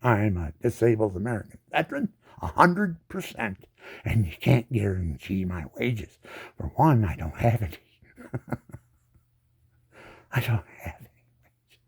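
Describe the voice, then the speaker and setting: A man's voice: on the low side, sing-song, measured pace, creaky, breathy edge. A disabled veteran in his seventies, a man giving an indignant ranting monologue full of rhetorical questions and repeated words. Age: 70s. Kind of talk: angry monologue to camera.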